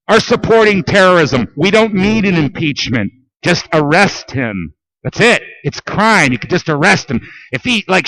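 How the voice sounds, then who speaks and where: A man hosting a call-in talk radio show, ranting in a profane, heated way and shouting at times. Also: high-pitched, no room sound, rough recording.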